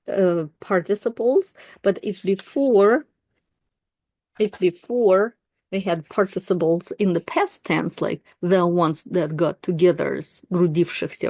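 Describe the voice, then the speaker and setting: A woman whose first language is Russian explains a text to learners in a relaxed, unscripted way, pausing on fillers and correcting herself. Her voice sits low and mellow. The recording is dry and close. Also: no room sound. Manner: relaxed, thinking aloud with fillers and self-corrections. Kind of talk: explaining a text while reading aloud.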